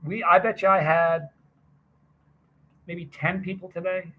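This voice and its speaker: A man's voice: high voice, level tone, unhurried, narrow, tinny audio, a little hiss or hum. A man live streaming casually, rambling and greeting viewers by name from a hot sauce festival booth.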